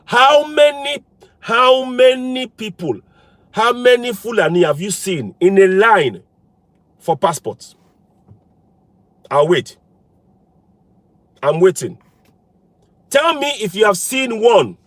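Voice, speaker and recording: A man with a high voice, delivering a fervent political monologue full of pointed, repeated questions. His pitch swings widely as he presses each point home. He is recorded close and dry. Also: lively intonation, slow pace, long pauses, fairly bright tone, no echo. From Nigeria. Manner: fires repeated rhetorical questions, insistent and emphatic. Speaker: political commentator.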